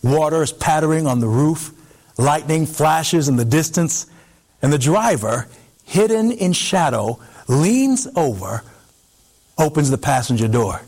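A man narrating a second-person story in a very lively voice that swings up and down. He tells it expressively and dramatically, slowing down and pausing for effect. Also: on the high side.

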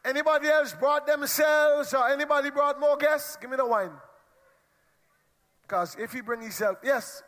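With a very high, fairly bright voice at a moderate pace, a man interacts lively with his congregation from the pulpit. He leads the church meeting with playful teasing and banter, and the hall adds long reverb.

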